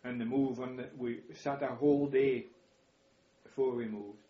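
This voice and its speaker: A man's voice: medium pitch, steady tone, normal speed. An older man, telling war stories in an interview. He chuckles now and then and repeats words as he recalls events. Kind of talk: reminiscing storytelling. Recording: echoey room, slightly dull audio.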